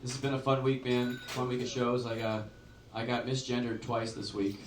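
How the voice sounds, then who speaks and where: A man's voice: medium pitch, completely flat delivery, moderate pace. A male stand-up comedian rambling through his set in a loose, conversational way, full of fillers and tag questions. His voice sits in the middle of the range and carries the echo of a club, picked up from a distance with audible room noise. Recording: roomy, noisy club recording from a distance.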